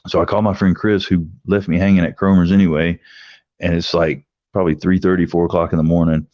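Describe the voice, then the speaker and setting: This middle-aged livestream host talks fast with a flat delivery, casually rambling through a long, profane story and acting out the quotes in a raised pitch. There's no echo, and the lo-fi sound is dry and a bit dull.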